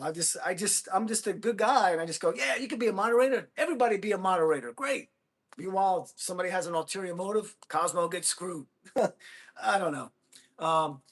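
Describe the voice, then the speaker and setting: Man in his fifties, livestream host, casual rambling chat, friendly, calls viewers buddy, fairly high voice. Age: 50s.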